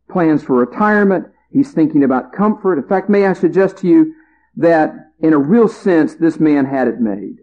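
A man delivers a sermon in a relaxed, folksy way, stretching out key words with dramatic pauses. His voice sits a bit high for a man. The recording sounds muffled and lo-fi. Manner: conversational, folksy humor. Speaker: preacher.

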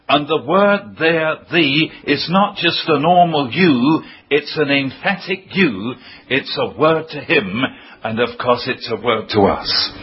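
A man preaching a sermon, emphatic and declaiming key phrases loudly. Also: on the high side, expressive, measured pace. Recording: dull lo-fi sound with faint noise.

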